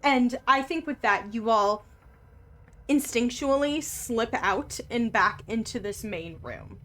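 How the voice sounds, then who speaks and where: A woman running a tabletop game as game master, narrating scenes in an unhurried, descriptive way. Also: a little high, lively intonation, bright, forceful tone.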